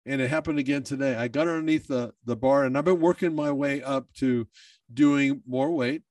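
A man's voice: medium pitch, fairly quick, a little mellow, no echo, distant mic. A man who is a bodybuilder, talking in a candid personal monologue, emotional and swearing freely.

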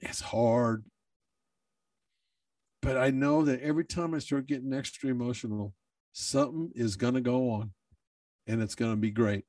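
A man's voice: medium pitch, fairly even intonation, moderate pace, pauses often, a little mellow, no room sound, distant mic. Emotional, swearing bodybuilder man. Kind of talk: candid personal monologue.

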